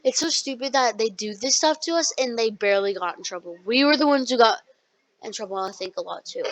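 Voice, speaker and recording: A young podcast co-host telling a rambling school story in casual chat, full of likes and ums. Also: female voice, on the high side, expressive, a little fast, no room sound. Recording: dull lo-fi sound.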